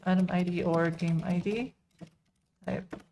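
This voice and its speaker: A woman's voice: fairly low pitch, fairly even intonation, unhurried, mellow, a little hiss or hum. Chatty woman coding on a live stream. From Texas.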